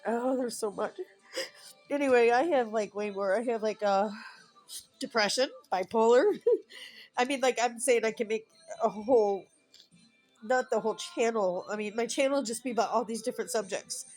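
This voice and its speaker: A woman's voice: fairly high pitch, moderate pace, pauses often, a little mellow, faint music behind, rough recording. A woman in her fifties talking alone at home in a rambling, emotional personal vlog. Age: 50s. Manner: emotional, rambling, tearful at times. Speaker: vlogger.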